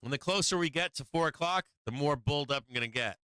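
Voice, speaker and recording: Brash, bright-voiced live trading host. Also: male voice, a little high, fast talker, clear, resonant tone, no echo. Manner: brash, profane, repeats "right?" and restarts often; talks directly to viewers, coaching and taunting them. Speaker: host of a live stock market stream. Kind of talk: casual live trading commentary.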